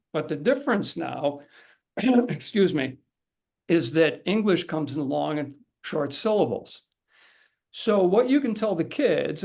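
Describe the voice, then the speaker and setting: A man's voice: fairly high pitch, creaky, darkish tone. A middle-aged man teaching a haiku workshop in a casual, conversational way, often repeating words and restarting sentences as he demonstrates aloud. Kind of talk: casual instructional talk to an audience.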